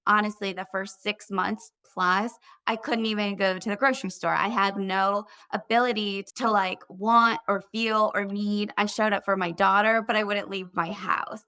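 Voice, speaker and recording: A woman in her thirties, a guest in an interview, telling a personal story in an earnest, candid way and talking in quick bursts. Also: mid-range voice, fairly even intonation, pushed and bright, clear, resonant tone. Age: 30s.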